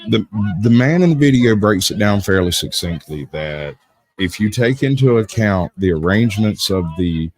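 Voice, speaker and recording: A man's voice: lowish voice, lively intonation, normal speed, darkish tone, no room sound, clean studio sound. A man hosting a casual live stream, rambling and laughing often as he talks. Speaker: host.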